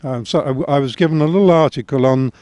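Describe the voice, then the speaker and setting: An older man with a blend of English and Australian accent, telling his life story in a gentle, wry interview manner. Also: on the high side, fast, dry recording. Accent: mixed English and Australian. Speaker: guest author. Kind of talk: reflective interview talk.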